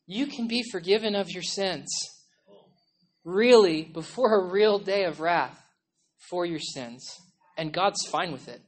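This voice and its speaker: A woman pastor preaching a sermon in a church, passionate and pleading, often shouting, with a chatty, conversational manner. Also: fairly low pitch, lively intonation, takes it slowly, long pauses, slightly rough. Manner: impassioned, yelling and pleading; conversational, with frequent "like" and "okay?".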